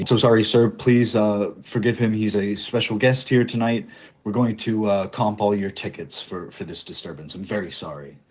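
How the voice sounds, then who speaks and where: A man's voice: on the low side, normal speed, a little mellow, soft background music, lightly acted. A man voicing a mocking, falsely polite male clown working as security. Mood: apologetic. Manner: mock-polite, teasing.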